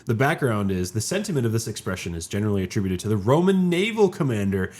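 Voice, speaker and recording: Low-voiced man, wry and laughing. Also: big pitch swings, quick pace, darkish tone. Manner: wry, laughs often, mock-grumpy asides. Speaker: podcast co-host. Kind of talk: casual chat.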